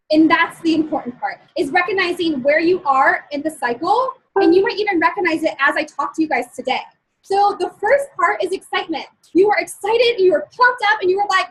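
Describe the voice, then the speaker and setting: A woman with a very high-pitched, slightly bright voice gives a live-streamed motivational talk over poor audio. As a motivational speaker she is chatty and upbeat, laughs often between points, and keeps checking in with her listeners.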